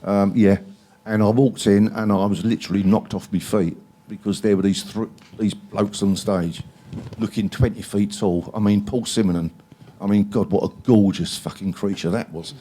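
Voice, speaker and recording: A man's voice: on the low side, steady tone, normal speed, few pauses, warm tone. A man, telling long stories as a guest in a live interview, rambling and swearing freely with many ums. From England. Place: library event hall.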